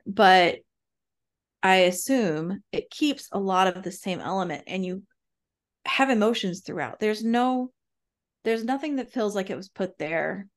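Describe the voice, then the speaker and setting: Lively, animated woman podcaster. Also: mid-range voice. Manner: animated, storytelling. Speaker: podcast co-host. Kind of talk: casual chat.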